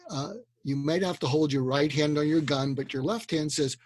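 A man's voice: a little high, normal speed, a little mellow. A man as a guest in an interview, explaining advice earnestly, with restarts and quoted lines acted out. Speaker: guest expert on communication.

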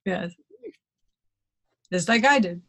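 A woman's voice: mid-range voice, slow, fairly bright tone. Chatty woman hosting a podcast. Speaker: podcast host. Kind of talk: casual podcast interview.

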